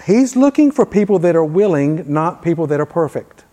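A man with a high, mellow voice preaching a sermon in a conversational way. He reads scripture aloud with emphasis, and his voice carries a long reverb from a large church hall. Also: sing-song, normal speed.

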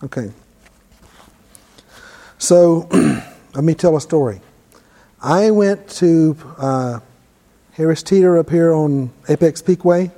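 A man with a somewhat high yet mellow voice tells a personal story while teaching, easygoing and self-deprecating. His voice rings out with a long reverb, as if in a large hall. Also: slow, pauses often. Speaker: ministry teacher.

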